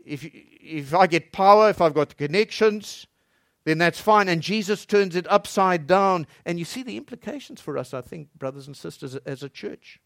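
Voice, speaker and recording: A pastor preaching to his congregation, his slightly raised voice pushing hard on key lines and then dropping low and quiet. The recording is dry and close, with little room sound. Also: expressive, normal speed, creaky, no echo. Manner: swings between loud emphatic and soft low delivery. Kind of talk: sermon.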